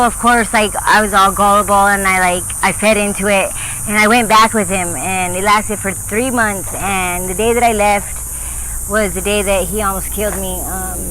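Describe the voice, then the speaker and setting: A woman's voice: medium pitch, fairly bright tone, poor audio. A woman in her thirties from Arizona talks through her story in a street interview, rambling and leaning hard on "like." She is recorded outdoors on a phone, with a faint hiss of street noise behind her. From Arizona, USA. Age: 30s. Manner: rambling storytelling with many "like" fillers.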